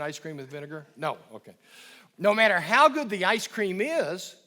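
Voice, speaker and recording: A middle-aged man giving a parenting talk to a live audience, emphatic, stressing key phrases slowly and repeating them, and asking the audience questions. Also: high voice, pushed and bright. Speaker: guest speaker on parenting. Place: church hall.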